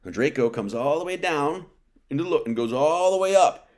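A man's voice: fairly high pitch, animated, fairly quick, a little mellow. A man giving an informal sermon, talking casually, reading scripture and acting out quotes, with many restarts. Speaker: preacher.

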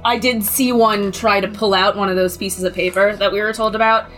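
A woman talks through her moves in a casual, hesitant way as a player in a tabletop game. Her voice sits at a middle pitch, and faint music plays behind her. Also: steady tone, a little fast, a bit bright.

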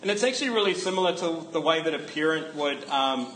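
A man's voice: on the high side, lively intonation, fast, fairly bright tone, slight background noise, rough recording. A man preaching a casual sermon, joking asides and emphatic repetition.

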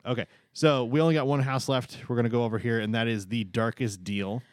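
A man's voice: mid-range voice, steady tone, brisk, dry recording, studio quality. A man co-hosting a podcast in casual chat, talking with frequent ums and uhs. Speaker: podcast co-host.

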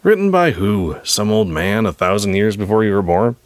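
A man's voice: lowish voice, very animated, normal speed, no echo. Man voicing a wise older woman leader. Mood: tender. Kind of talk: amateur script read-aloud.

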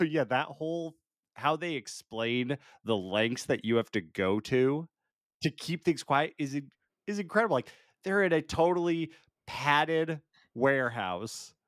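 A man co-hosting a movie podcast, talking in an easygoing, rambling way and laughing often. His voice sits in a middle pitch. The recording is close and dry, with no room echo. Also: measured pace. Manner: relaxed, laughing often, fillers like "like". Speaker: podcast co-host. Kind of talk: casual movie review chat.

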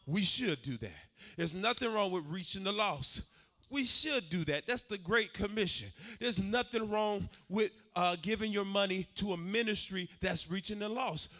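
High, bright sing-song preacher man. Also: animated, moderate pace. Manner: sing-song preaching cadence, swelling louder on key points. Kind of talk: sermon.

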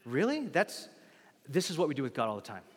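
A man preaching a sermon to a congregation, animated and conversational, acting out little dialogues in between. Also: medium pitch, fast talker, breathy edge. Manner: animated, acts out little dialogues, laughs at own jokes. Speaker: pastor. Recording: long reverb of a large hall.

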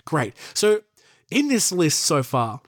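Young male podcast host, casual solo commentary, sweary and exasperated, tone a bit high, dry close sound. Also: wildly swooping pitch, slow pace, dry recording. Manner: sweary, exasperated asides between reading. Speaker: podcast host reading and reacting to a list.

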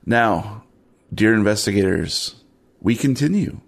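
A man's voice: on the low side, animated, measured pace, creaky. A man narrating a horror tabletop game as game master, wry and theatrical.

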